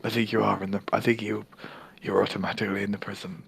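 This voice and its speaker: A young man co-hosting a casual comedy podcast, rambling and often dropping into a breathy whisper. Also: fairly low pitch, flat delivery, fast. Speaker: podcast co-host.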